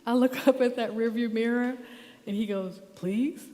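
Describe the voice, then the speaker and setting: A middle-aged woman therapist telling a lively story as guest speaker at a church. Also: a little high, normal speed, background noise. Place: church auditorium. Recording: long reverb of a church hall.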